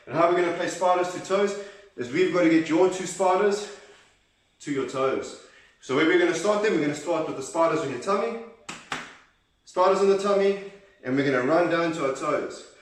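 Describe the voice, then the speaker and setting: A man leading a children's workout, cheerfully encouraging and counting reps aloud, sometimes out of breath. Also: on the high side. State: out of breath at times. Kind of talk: leading a kids' exercise class. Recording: very echoey room, voice from a distance.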